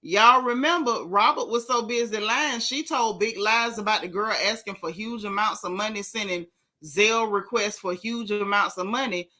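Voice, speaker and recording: A woman hosting a gossip vlog, talking casually in a sassy, animated way and repeating herself for emphasis. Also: medium pitch, normal speed. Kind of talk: casual chat.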